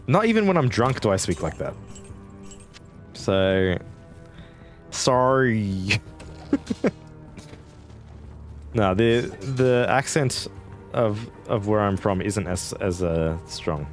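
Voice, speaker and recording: A man's voice: on the low side, very animated, normal speed, faint music behind. A man in his twenties giving casual, rambling live gameplay commentary and chatting with viewers. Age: 20s. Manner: casual, chatty, rambling, answers chat between fights. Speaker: game streamer.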